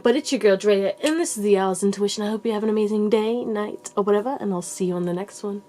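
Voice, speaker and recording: A woman with a medium-pitched, dark-toned voice speaks at a quick pace while giving her viewers a casual pick-a-card tarot reading. The channel host rambles loosely, full of likes and restarts, and calls her audience baby and you guys.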